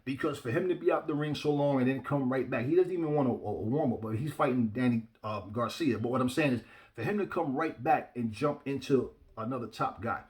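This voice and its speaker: A man's voice: medium pitch, brisk. Man, casual fight commentator, mid-range voice, blunt and emphatic, talks right at his audience. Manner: blunt, emphatic, repeats himself, addresses viewers directly. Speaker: boxing commentator. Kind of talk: casual opinion talk to viewers.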